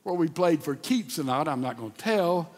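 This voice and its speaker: Older male pastor, folksy sermon delivery, high voice, long hall reverb. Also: moderate pace. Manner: folksy and animated, with stammered restarts.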